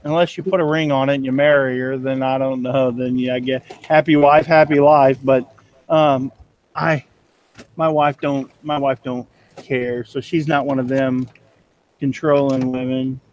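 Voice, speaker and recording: A man's voice: mid-range voice, level tone, a little slow, a little mellow, dull audio. A middle-aged man in a casual late-night stream chat. He talks in a folksy, rambling way and repeats his words. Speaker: reseller on a live stream.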